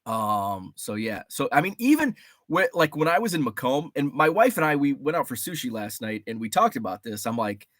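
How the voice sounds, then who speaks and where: A man hosting a casual livestream from a home studio, his voice swinging widely in pitch as he rambles and calls out viewers in the chat. He sounds a little stuffy from allergies, and the studio mic gives a close, dry sound with no room echo. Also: moderate pace. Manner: rambling and animated, reading chat names aloud with greetings. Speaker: livestream host.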